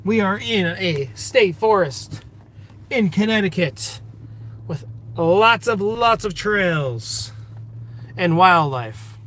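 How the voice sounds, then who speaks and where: A man's voice: high voice, lively intonation, takes it slowly, long pauses, a bit bright. A man hosting a casual livestream outdoors in a forest, reading viewer comments aloud and greeting each viewer by name. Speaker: livestream host.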